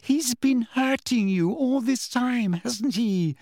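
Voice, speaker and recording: A man voicing an anxious, clever teenage girl who turns shrill and sarcastic when upset. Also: takes it slowly, darkish tone, no room sound, clean studio sound, heavily acted.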